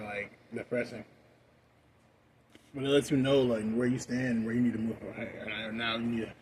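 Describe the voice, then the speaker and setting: Young man, mid-pitch, stoned casual rant, profane, uneven volume, faint noise. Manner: profane and rambling, loud bursts then mumbling. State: high. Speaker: vlogger.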